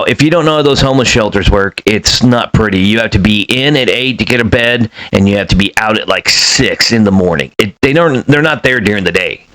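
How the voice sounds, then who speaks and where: Blunt, profane man with a low voice. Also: fairly bright tone, poor audio. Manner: blunt, profane, rambling with many fillers. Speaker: former self-storage manager. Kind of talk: casual storytelling monologue.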